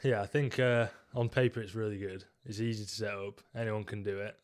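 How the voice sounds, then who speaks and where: A man's voice: fairly low pitch, fairly even intonation, brisk. A young man, co-hosting a casual podcast about gym training. He is opinionated and jokey, and he drives the ranking of exercises. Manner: opinionated, joking, leads the ranking. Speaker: podcast co-host.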